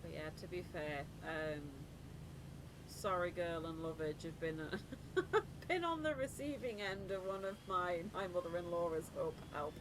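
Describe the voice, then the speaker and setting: A woman's voice: on the low side, normal speed. A woman streamer telling stories in casual chat, laughing often and acting out other people. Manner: laughs often, animated storytelling with voiced impressions. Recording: live stream with clear background noise.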